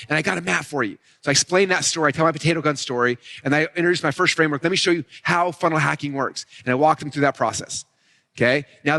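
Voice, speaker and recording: A man teaching a live marketing session, fast and energetic, often acting out customers' thoughts. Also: high voice. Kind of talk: live event teaching talk.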